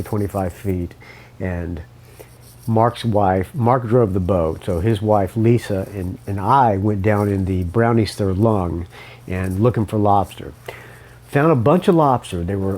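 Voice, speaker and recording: Low dark-voiced guy rambling thru a story, swears a lot, coughs now and then. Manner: rambling, swearing, self-correcting. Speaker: podcast host. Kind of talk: casual storytelling monologue.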